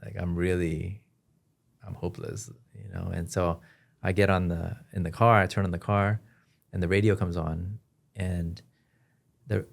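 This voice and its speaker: A man as a podcast guest, telling his personal story in an earnest, halting way with frequent restarts. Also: low-pitched, gravelly. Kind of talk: personal testimony in an interview.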